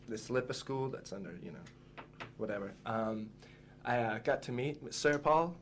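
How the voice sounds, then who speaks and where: A young American man chats as a guest, easygoing and rambling, full of "you know" and "like". His voice sits at an ordinary pitch, with a faint hum under the recording. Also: measured pace. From Texas, USA. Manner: laid-back, rambling, lots of fillers. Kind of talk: casual chat.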